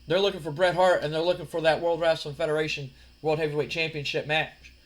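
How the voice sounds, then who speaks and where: A man's voice: fairly high pitch, little pitch movement, fast, lightly acted. A man voicing a blunt, macho male wrestler. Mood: gruff. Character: gruff tough male wrestler.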